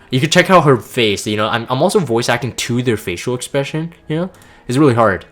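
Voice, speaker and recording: A man's voice: mid-range voice, animated, brisk, fairly bright tone, soft background music. A man casually commenting between story readings in a laid-back, joking, self-deprecating way. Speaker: channel host reading game story.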